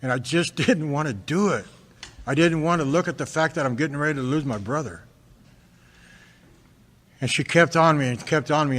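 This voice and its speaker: An American man from Fresno, California, giving an earnest personal testimony at a recovery meeting, halting often and repeating words as he restarts. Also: on the high side, fairly bright tone. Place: large hall at a convention. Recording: reverberant hall recording.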